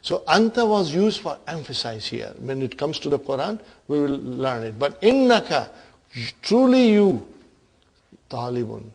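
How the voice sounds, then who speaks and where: A man's voice: fairly high pitch, very animated, unhurried, vocal fry, darkish tone. Man teaching an Arabic grammar class. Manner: calls on students, repeats and checks understanding; drills the class in call-and-response.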